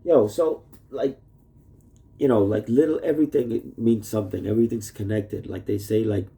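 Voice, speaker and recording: A man's voice: on the low side, normal speed, gravelly, dark tone. A man rambling through a cursing, topic-hopping video message to his wife, indoors at home. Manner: rambling, profane, jumps between topics. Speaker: vlogger. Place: indoors, shared home with sleeping roommates.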